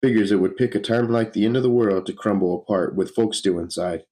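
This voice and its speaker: A man's voice: fairly low pitch, a little fast, mellow, natural voice. A man voicing a brash, folksy male comic-book hero who cracks jokes while he works. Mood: gruff. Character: brash wisecracking male hero made of elements.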